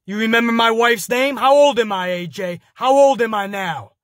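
A man's voice: very high-pitched, normal speed, dry recording, studio quality, pitched above the performer's own voice. A man impersonating an aging, menacing male wrestler who taunts a beaten rival with drawled threats. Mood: taunting.

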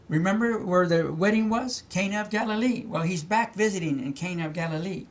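A middle-aged male pastor teaching scripture verse by verse, repeating key words and asking his listeners questions. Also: high voice. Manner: reads verses then explains them, with many repeats and questions to the listeners. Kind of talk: slow Bible-teaching sermon.

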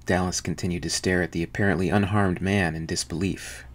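A man narrating a novel in an even, measured audiobook reading. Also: sits low, slight background noise.

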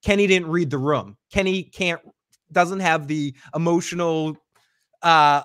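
A man on an after show, talking through a scene with lively energy and voicing the characters' lines as he goes. His voice sits a bit high for a man. The sound is close and dry, with little room around it. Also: a little slow, no room sound. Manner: animated, acts out characters' lines, many restarts. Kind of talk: casual recap chat.

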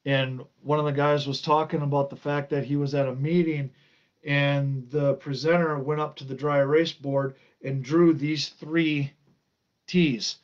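A man's voice: a little high, flat delivery, measured pace, muffled recording. A man teaching an informal Bible study, reading and explaining scripture, stressing and drawing out key words.

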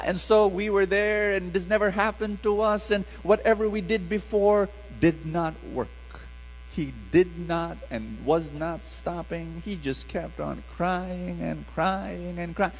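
A middle-aged man, preaching a sermon in an animated call-and-response style. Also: sits high, measured pace, gravelly, long reverb tail, faint music behind, poor audio.

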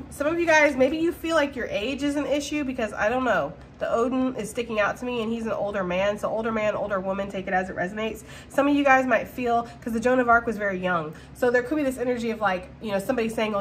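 A woman giving a casual, slangy tarot reading to her viewers, talking in an animated way with frequent laughter. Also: on the high side, fast, hardly any pauses, slight background noise. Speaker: tarot reader.

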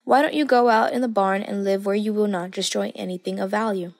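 A woman voicing a kind, gentle female rag doll in a storybook reading, earnest and kindly. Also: mid-range voice, steady tone, a little fast, creaky, no room sound.

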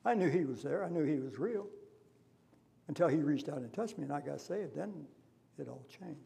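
A man's voice: a little high, expressive, moderate pace, vocal fry, long pauses, mellow. A man preaching a sermon as pastor, impassioned and full of rhetorical questions, in a church. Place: church sanctuary.

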